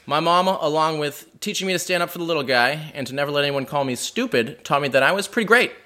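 At a living room house show, a man tells a personal story with wry, self-mocking humor, animated throughout. He talks fast, his bright, carrying voice swinging widely in pitch from line to line.

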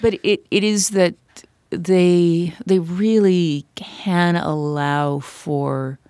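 Woman with a notably low voice, a podcast guest telling stories in a casual chat, full of ums and restarts. the recording is close and dry, with no room sound at all. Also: a little mellow, no echo. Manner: chatty storyteller, many fillers and restarts. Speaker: podcast guest, author and puppeteer. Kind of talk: casual conversation.

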